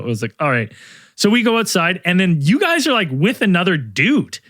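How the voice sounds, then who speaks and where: A man's voice: on the high side, quick pace, no echo, clean studio sound. A man co-hosting a podcast, retelling a night out in casual chat and acting out what people said. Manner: animated retelling, acts out quoted lines. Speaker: podcast co-host.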